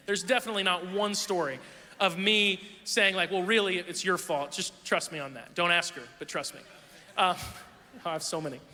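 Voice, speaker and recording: A young man preaching a sermon, telling a funny story about himself in an animated, self-deprecating way. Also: sits high. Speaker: pastor. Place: church auditorium. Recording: long hall reverb.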